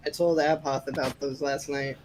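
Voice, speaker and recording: A man co-hosting a podcast who cuts in with teasing jokes and quick remarks. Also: medium pitch, little pitch movement, poor audio. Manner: teasing, joking interjections. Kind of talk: casual chat.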